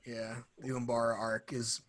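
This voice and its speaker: A man's voice: mid-range voice, level tone, normal speed, crowd noise. A young man co-hosting a podcast, chatting casually and enthusiastically, rambling and acting out quotes. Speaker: podcast co-host. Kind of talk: casual fan chat.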